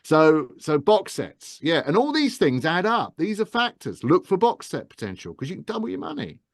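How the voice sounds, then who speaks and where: A man's voice: high voice, sing-song, moderate pace, creaky, dry recording, clean studio sound. A man, an audiobook narrator, giving enthusiastic, rambling advice in a casual interview, with many restarts.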